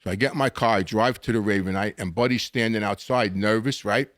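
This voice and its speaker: An older man spins his stories in a lively, animated way, jumping in pitch when he acts out what people said. His voice is close and dry, with no room sound around it. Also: a little fast, dry recording. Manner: animated storyteller acting out quotes, frequent restarts. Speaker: guest. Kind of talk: storytelling interview.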